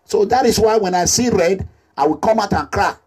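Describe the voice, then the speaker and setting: A man with a Nigerian accent making an impassioned social media appeal as a political activist, animated and repetitive, slipping into Pidgin English. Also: high voice, a little fast, breathy edge. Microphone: phone or camera selfie video.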